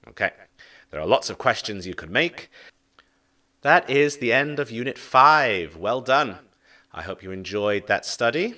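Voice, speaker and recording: A man teaching an online English lesson, modeling questions slowly and deliberately. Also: medium pitch, animated, pushed and bright, far from the mic. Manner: slow, deliberate modeling of intonation.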